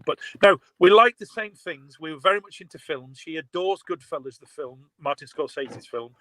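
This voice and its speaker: A man's voice: fairly high pitch, no echo, rough recording. A man, animatedly telling a story over a video call. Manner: animated storyteller, laughs often. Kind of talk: casual video call chat.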